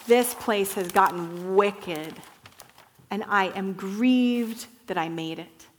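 A woman's voice: mid-range voice, slow, lightly acted. A woman voicing a grieved, solemn God.

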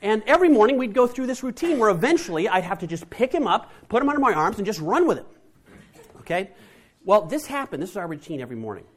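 A man telling a family story to an audience, animated and lively. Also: high voice, quick pace. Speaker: speaker.

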